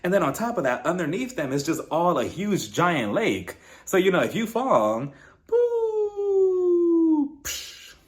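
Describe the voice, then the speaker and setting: A man giving a casual, gossipy recap of a reality TV episode, sassy and quick to laugh. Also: fairly high pitch, sing-song, fairly bright tone.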